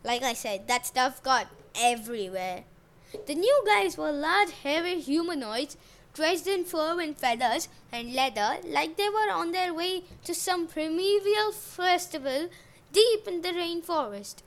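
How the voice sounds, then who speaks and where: Storybook podcast host, a woman with a high voice, unhurried narration and jokey asides. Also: expressive. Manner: jokey asides, modern slang. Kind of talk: casual myth storytelling podcast.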